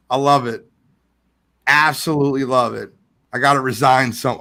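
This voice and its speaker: A man hosting a casual live sports podcast, reading viewer comments aloud in an animated way. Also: on the high side, normal speed, vocal fry. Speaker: podcast host.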